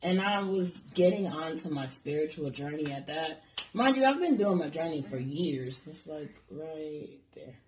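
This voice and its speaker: A man's voice: on the high side, animated, a little slow, slight background noise. A man casually telling a personal story on his vlog, rambling and swearing freely. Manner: rambling, profane, lots of fillers.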